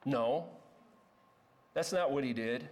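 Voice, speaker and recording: A man's voice: mid-range voice, slow pace, darkish tone. A man preaching a sermon as pastor, conversational and emphatic, with casual asides.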